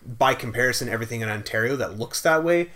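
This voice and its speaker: A man from Canada co-hosting a podcast, talking in a relaxed way that trails off. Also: mid-range voice, fast. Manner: relaxed, trailing off, swears casually. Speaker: podcast co-host. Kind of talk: casual chat.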